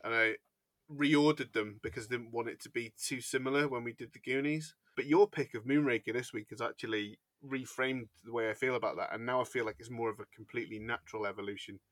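Bright-voiced man, wry banter. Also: mid-range voice, steady tone, quick pace, no echo. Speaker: podcast co-host. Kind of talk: casual chat.

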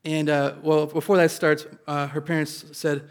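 A male pastor from Indiana telling an audience a personal story in an animated, self-deprecating way. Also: a little high, normal speed, clean tone.

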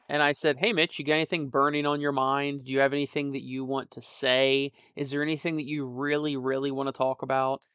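A man's voice: fairly high pitch, fairly bright tone, clear, resonant tone, dry recording. Chatty man hosting a hobby podcast. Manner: joking, rambling, laughs at own stories. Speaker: podcast host. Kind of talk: casual solo podcast chat.

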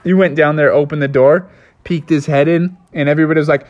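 An adult telling an improvised story to a child, animated and lively. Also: medium pitch, quick pace, dull audio. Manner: animated, lively, with many put-on voices.

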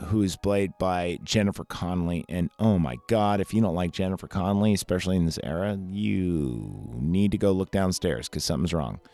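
A podcast host, a man with a somewhat low voice, rambles through film talk with plenty of profanity and bursts of excitement. He sounds close and dry on the mic. Faint music plays underneath. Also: no echo. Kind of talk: casual movie ranking chat.

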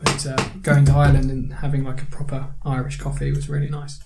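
A man co-hosting a podcast, chatting casually in a relaxed, rambling way with frequent fillers and restarts. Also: medium pitch, fast talker, vocal fry, over a noisy crowd. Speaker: podcast co-host. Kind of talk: casual chat.

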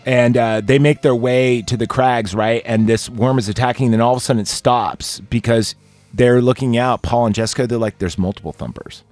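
A man with a medium-pitched, darkish voice and little pitch movement hosts a casual podcast chat at normal speed. He rambles through a movie scene with lots of fillers, acting out the quoted lines, over faint music and with no room sound.

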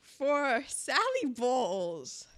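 A woman co-hosting a casual chat about films, talking emphatically and jumping up in pitch when excited. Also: extremely slow.

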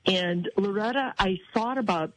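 A woman tells stories in a lively, animated way on a radio broadcast. Her pitch leaps up whenever she quotes other people, then settles back into easy chat. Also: moderate pace, poor audio. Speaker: guest. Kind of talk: casual chat.

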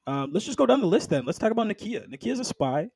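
Animated man discussing a film. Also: high voice, fast, vocal fry, husky, no room sound. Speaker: podcast co-host.

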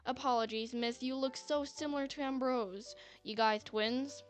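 A man's voice: very high-pitched, fairly even intonation, normal speed. A woman voicing a sleazy, grinning man of about thirty whose accent keeps shifting. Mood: smarmy. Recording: faint music bed.

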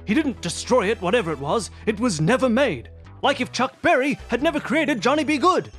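A man's voice: very high-pitched, animated, brisk, fairly bright tone, soft background music. A man voicing an eccentric male scientist who explains things impatiently and in a hurry. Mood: exasperated.

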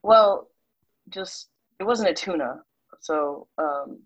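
A woman's voice: lowish voice, slow pace, slightly rough. A woman in casual chat, laid-back and wry, heard through a dull lo-fi recording.

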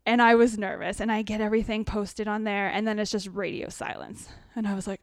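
A middle-aged woman telling her story as a podcast guest, animated and expressive, sometimes emotional. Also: mid-range voice, brisk, few pauses, no echo, clean studio sound. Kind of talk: casual storytelling.

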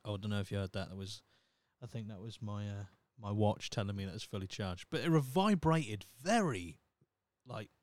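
A man's voice: on the low side, lively intonation, normal speed, dry recording. A young man hosting a solo podcast, talking in a blunt, sweary, opinionated way. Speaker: podcast host. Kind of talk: casual solo podcast rant.

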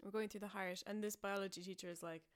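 A woman's voice: mid-range voice, steady tone, fast talker, clean tone. A young Irish woman hosting a podcast, telling stories in a chatty, self-mocking way, with lots of fillers and frequent laughs. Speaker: podcast host. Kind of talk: casual storytelling podcast.

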